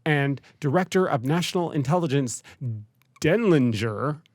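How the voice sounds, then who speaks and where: A man's voice: on the high side, expressive, a little slow, a little mellow, dry recording, clean studio sound. A man co-hosting a podcast, steadily reading out a movie's plot between casual remarks. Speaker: podcast co-host.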